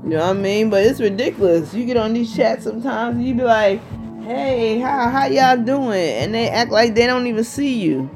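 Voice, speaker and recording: Her voice is a little high and briskly paced, with lively intonation and few pauses. She's a woman in her 50s vlogging in a chatty, rambling monologue, forever asking "you know what I mean," with faint music underneath.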